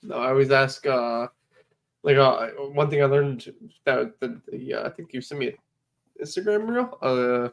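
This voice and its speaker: A man's voice: medium pitch, a little slow, gravelly. Easygoing man on a podcast. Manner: easygoing, agreeable, laughs while retelling customer reactions. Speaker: podcast co-host. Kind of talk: casual podcast chat.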